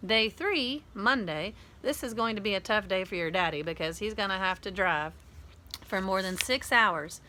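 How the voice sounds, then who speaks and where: A woman's voice: medium pitch, moderate pace, pushed and bright, close to an everyday voice. Woman voicing an orderly, practical mother. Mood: matter-of-fact. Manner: reading out a plan, orderly. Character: organized mother of three, practical.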